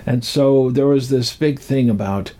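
An older man telling a rambling personal story from his youth, halting and full of pauses and restarts. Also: medium pitch, mellow.

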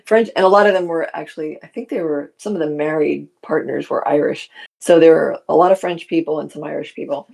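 A woman's voice: low voice, vocal fry, darkish tone, breathy edge. A middle-aged woman hosting a casual live chat, reading viewer comments aloud and laughing often.

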